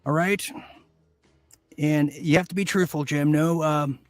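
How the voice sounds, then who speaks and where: Brief: male mock quiz host, slightly high voice, hammy deadpan delivery, dry close mic. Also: no echo, faint music behind. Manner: hammy, deadpan joking with filler-heavy pauses. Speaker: game show host. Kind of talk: mock quiz show hosting.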